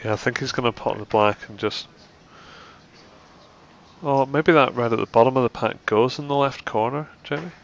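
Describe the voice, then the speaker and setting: A man's voice: medium pitch, normal speed, vocal fry, long pauses. A man co-commentating live snooker, mixing shot analysis with dry, joking asides. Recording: dull, slightly muffled sound.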